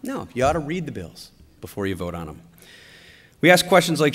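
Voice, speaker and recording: A middle-aged man giving a storytelling political speech at a conference, with an animated, anecdotal delivery. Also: mid-range voice, brisk. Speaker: conference speaker. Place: large conference hall. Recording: long hall reverb.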